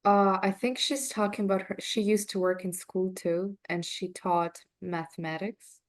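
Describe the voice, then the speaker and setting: A woman's voice: medium pitch, fairly even intonation, moderate pace. A woman client in a reading, talking casually and openly about her family and home. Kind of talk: casual chat.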